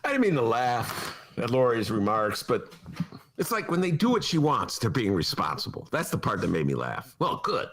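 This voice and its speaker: A man's voice: medium pitch, wildly swooping pitch, moderate pace, a bit bright, a little hiss or hum. A man hosting a political talk podcast in a studio, talking in a sarcastic, mocking way and putting on voices. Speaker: podcast host. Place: radio studio.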